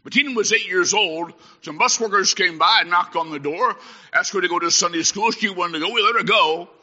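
A man preaching a sermon, swinging from shouted exhortation to hushed storytelling as a traveling preacher. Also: high voice, fairly quick. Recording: echoey hall, dull lo-fi sound.

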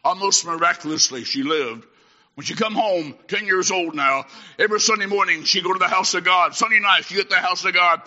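A man preaching a sermon, swinging from shouted exhortation to hushed storytelling as a traveling preacher. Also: high-pitched, a little fast. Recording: echoey hall, dull lo-fi sound.

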